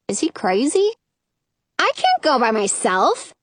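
A woman narrating a first-person children's story in an expressive, lively reading voice. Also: a little high, slow pace, no room sound. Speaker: audiobook narrator.

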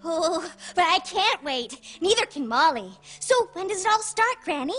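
A woman's voice: extremely high pitch, animated, normal speed, a bit bright, soft background music. A woman voicing an eager, giggly young girl clown in a cartoon.

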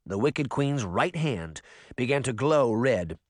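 A man narrating a storybook in a steady, expressive telling. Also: mid-range voice, takes it slowly, dry recording. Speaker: audiobook narrator.

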